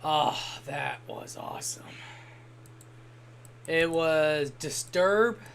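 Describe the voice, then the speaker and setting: A man streaming a game and telling a rambling story in casual chat, swearing freely and getting animated when he quotes people. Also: on the high side, drawn-out words, a little hiss or hum. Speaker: gaming streamer. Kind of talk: casual storytelling while gaming.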